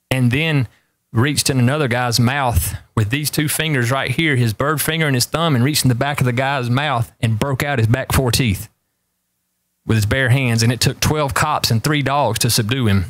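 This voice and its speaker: A man's voice: medium pitch, no echo. A man, hosting a show and telling rambling stories with emphatic repeated warnings. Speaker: talk show host. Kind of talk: casual storytelling chat.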